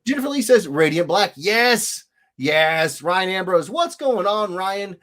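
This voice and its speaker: On a laid-back livestream, an illustrator chats with his viewers in a voice that sits high and moves a little slowly. His pitch jumps up and down constantly, and he welcomes each commenter with a playful sing-song, sounding lively and talkative.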